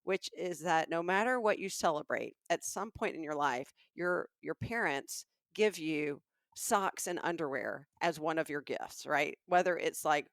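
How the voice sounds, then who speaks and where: A woman's voice: low-pitched, a little slow, dry recording, studio quality. A woman in her fifties with a Southern American accent, co-hosting a comedy podcast in casual, teasing chat. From Alabama, USA. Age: 50s. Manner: playful, teasing, breaks into laughter. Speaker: podcast co-host.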